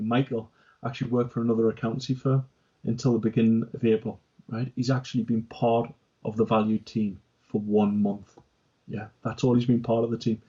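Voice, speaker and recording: Male business co-host, casual and talkative, mellow tone, dull lo-fi sound. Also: medium pitch, husky. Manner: chatty, repeats "right?" and "yeah?". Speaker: company director, co-host. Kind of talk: casual business podcast chat.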